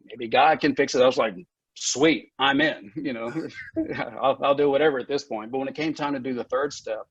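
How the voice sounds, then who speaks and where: As a podcast guest, a man who founded a recovery center candidly tells his recovery story in frank, profane language, laughing often and showing moments of emotion. His husky, mid-range voice comes at a normal speed with no echo, on dull lo-fi podcast audio.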